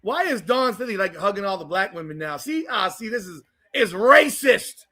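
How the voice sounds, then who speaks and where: A man with a high, bright voice delivers heated, profane watch-party commentary. He swings widely in pitch as he rants. He hosts a live podcast stream. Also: animated, moderate pace. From South Florida. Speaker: podcast host.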